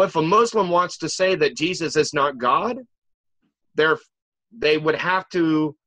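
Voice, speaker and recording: A man with a bright, fairly high voice speaks in a debate. He builds his case in measured steps. The recording is dry and close. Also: no room sound, poor audio. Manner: measured, builds a step-by-step argument. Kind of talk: timed debate argument.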